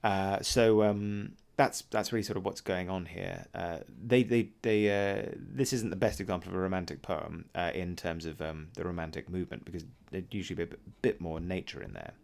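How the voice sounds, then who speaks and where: A male teacher talks through a poem line by line in a deep, low voice. His tone has a gravelly edge. He pauses often with ums and uhs as he explains. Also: a little mellow. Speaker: English teacher. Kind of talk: recorded poetry lesson.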